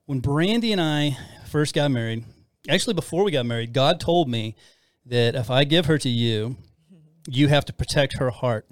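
A man's voice: mid-range voice, animated, normal speed, no echo, studio quality. A middle-aged man co-hosting a casual faith-based talk about marriage, rambling and self-deprecating with frequent restarts. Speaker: podcast co-host.

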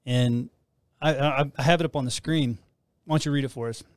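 A man hosts a casual faith talk show, and his talk rambles with frequent restarts. His voice sits at an average pitch. The recording is dry and close. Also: steady tone, fairly quick, no echo. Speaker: host.

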